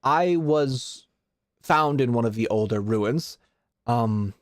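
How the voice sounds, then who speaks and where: A man's voice: medium pitch, slow, no echo, lightly acted. Ancient woman fighter, a man voicing her, slight accent, plain telling, dry sound. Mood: recounting. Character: ancient woman warrior waking in a new age.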